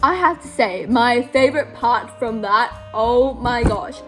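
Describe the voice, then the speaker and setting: A woman's voice: on the high side, unhurried, faint music behind. A teenage girl performing a comic solo stage scene as a gushing, exasperated reality show host. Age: teens. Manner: dramatic, gushing, exasperated asides. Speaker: student actor playing a reality show host.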